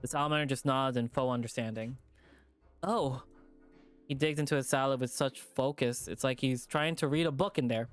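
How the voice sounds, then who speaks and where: A streamer narrating a visual novel, with casual chat and plenty of swearing in between lines. The voice is clear and smooth, and soft music runs underneath. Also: medium pitch, fairly even intonation, normal speed. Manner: casual, profane asides. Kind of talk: reading a visual novel aloud.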